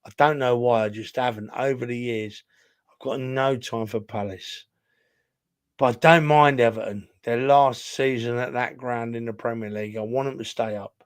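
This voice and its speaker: A podcast co-host, a little tipsy from drinking, rambles emphatically through a casual football chat and keeps calling the other host "son." His mid-range voice is smooth and steady at a moderate pace.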